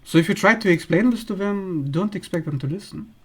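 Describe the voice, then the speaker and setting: A man's voice: high-pitched, fairly quick, slightly rough. A man hosting an astrology channel, talking bluntly in a casual monologue and acting out the people he describes in a raised voice.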